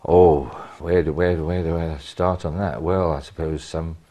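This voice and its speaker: Deep-voiced older man telling stories. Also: a little slow. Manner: animated storyteller, bursts of emphasis. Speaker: retired police officer, private investigator. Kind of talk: anecdotal interview.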